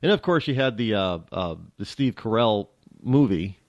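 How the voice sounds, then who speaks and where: A man's voice: on the low side, lively intonation, moderate pace, no room sound, lo-fi sound. A man from New hosting a radio show, talking in a rambling, joking way that keeps interrupting itself. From New England. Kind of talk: casual talk radio monologue.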